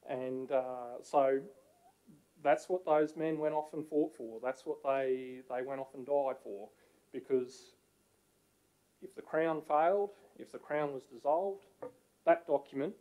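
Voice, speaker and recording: A man's voice: medium pitch, dark tone, rough recording. A man giving an earnest, repetitive public address at a council meeting. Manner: earnest, repetitive, fervent, swells and drops in volume.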